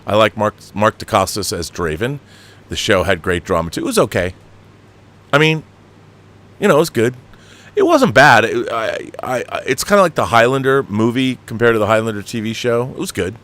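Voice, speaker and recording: A middle-aged man hosting a casual live stream, reading viewer comments aloud and reacting in an animated way with frequent restarts, laughs and swearing when annoyed. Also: fairly low pitch, moderate pace. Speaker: show host reading viewer chats.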